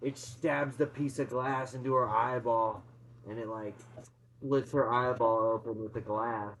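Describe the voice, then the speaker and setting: A man retelling a horror film's plot in a casual, excited, swear-heavy chat, laughing as he goes. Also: medium pitch, measured pace, slight background noise. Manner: excited, profane, laughing storyteller. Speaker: co-host, movie reviewer. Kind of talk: casual movie review chat. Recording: dull lo-fi sound.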